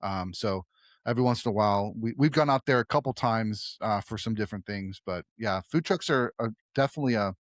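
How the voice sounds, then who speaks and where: A man's voice: fairly low pitch, a little fast, no echo, clean studio sound. A man hosting a film podcast, talking casually and rambling, often trailing off and restarting. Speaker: podcast host.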